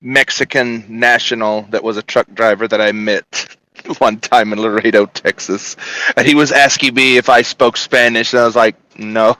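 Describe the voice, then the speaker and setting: A man's voice: medium pitch, fairly even intonation, moderate pace, bright, forceful tone, low-quality recording. A man co-hosting a casual podcast, making wry jokes and telling short stories. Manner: wry, jokey asides, laughs at his own stories. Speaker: podcast co-host. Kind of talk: casual chat.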